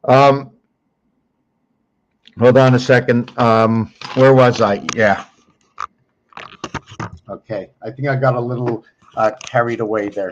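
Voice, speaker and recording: A man talks through a screen walkthrough at an unhurried, drawn-out pace, thinking aloud and correcting himself as he goes. His pitch sits in an ordinary middle range. The recording is muffled and lo-fi. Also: steady tone, background noise. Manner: slow, rambling, searching aloud with many pauses and self-corrections. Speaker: channel host teaching on screen.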